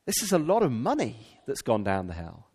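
A man preaching a sermon, animated and asking the congregation rhetorical questions. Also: medium pitch, brisk, husky, in a large hall. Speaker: pastor.

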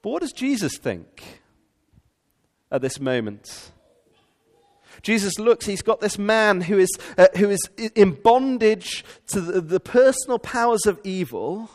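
A man preaching a sermon, animated and asking the congregation rhetorical questions. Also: high-pitched, measured pace, big-room sound. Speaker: pastor.

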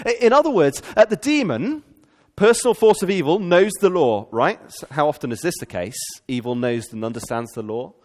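A man preaching a sermon, animated and asking the congregation rhetorical questions. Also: fairly high pitch, brisk, long reverb tail. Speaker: pastor.

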